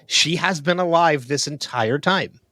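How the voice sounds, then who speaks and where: A man's voice: a little high, unhurried, bright, forceful tone, no echo. A man co-hosting a podcast, chatting casually and thinking aloud with frequent ums and restarts. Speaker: podcast co-host. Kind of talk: casual chat.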